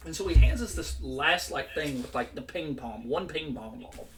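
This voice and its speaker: A man in his twenties, a podcast co-host telling a school story in casual chat, animated, profane and rambling. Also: a little high, normal speed, noisy background.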